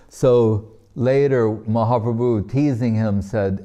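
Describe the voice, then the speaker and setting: A man leading a devotional class, with a low voice and a very dark, mellow tone. He speaks very slowly and gently, with soft laughs between his sentences. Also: expressive. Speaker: spiritual teacher.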